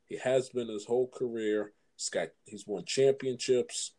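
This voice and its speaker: A man's voice: medium pitch, steady tone, measured pace, a little mellow. A man hosting a casual sports chat, asking his guest questions and often repeating words as he goes. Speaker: podcast host.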